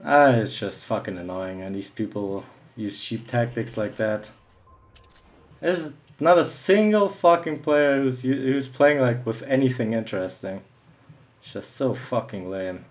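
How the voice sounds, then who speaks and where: A man's voice: mid-range voice, unhurried. A young man giving live commentary over an online shooter match, angry and swearing, mocking the other players. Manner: angry ranting, swearing often; mocking taunts at opponents. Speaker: gameplay commentator.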